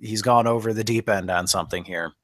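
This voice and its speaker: A man's voice: lowish voice, a little fast, a bit bright, no room sound, clean studio sound. A man co-hosting a podcast, chatting casually about an episode in an enthusiastic, nerdy way. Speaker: podcast co-host. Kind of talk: casual chat.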